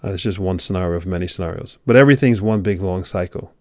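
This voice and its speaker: A man giving a motivational monologue, preachy, swinging from loud urging to a hushed near-whisper. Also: low voice, fast, dry recording, studio quality. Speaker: motivational speaker.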